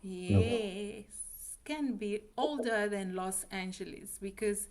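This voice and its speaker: A woman teaching a beginner English class, patient and clear, often checking with "right?". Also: mid-range voice, a crowd in the background. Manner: patient, slow, checks understanding with frequent "right?".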